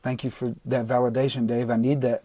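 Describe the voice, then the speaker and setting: A man streaming live as a recovery coach, talking bluntly to his viewers and swearing often, with sudden shouting and long stretches of quieter, softer talk. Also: mid-range voice, level tone, a little fast, no echo. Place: indoors, livestream. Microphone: phone or webcam mic.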